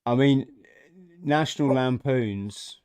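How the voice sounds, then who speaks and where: A man's voice: mid-range voice, slow pace, darkish tone, clean tone. Chatty man hosting a podcast. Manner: chatty, laughing, retelling scenes. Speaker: podcast host. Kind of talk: casual chat.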